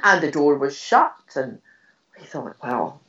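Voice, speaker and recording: Speaking in a low voice at a slightly slow pace, an older interview guest tells ghost stories with lots of animation and laughter, acting out what she said back then. The sound is dull and a bit distant.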